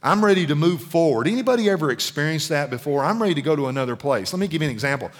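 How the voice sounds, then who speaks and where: A man's voice: fairly high pitch, animated, racing. Man preaching a conversational sermon. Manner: conversational preaching, asks the congregation questions. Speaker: pastor.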